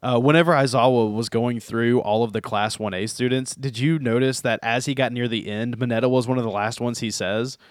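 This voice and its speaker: A man co-hosting a podcast, chatting about an anime in an amused, lively way. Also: mid-range voice, a little fast, few pauses, dry recording, clean studio sound. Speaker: podcast co-host. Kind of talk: casual anime recap chat.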